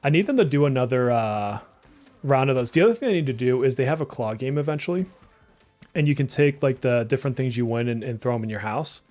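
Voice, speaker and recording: A man in his thirties with a slight Massachusetts accent chats casually as a live game streamer. He rambles and reacts out loud to the action, in a voice of ordinary middle pitch. Game music plays faintly behind him. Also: animated, fast. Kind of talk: casual live gameplay chat.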